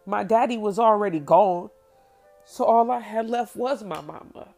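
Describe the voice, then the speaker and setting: A woman's voice: medium pitch, moderate pace, creaky, darkish tone, soft background music. A woman telling a personal story from her past, candid, blunt and profane.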